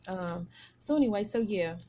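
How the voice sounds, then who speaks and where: A middle-aged woman hosts a podcast of casual faith talk, working through a personal story and a faith lesson and repeating phrases for emphasis. Her mid-range voice is warm and expressive at a normal speed, with a little hiss or hum in the audio.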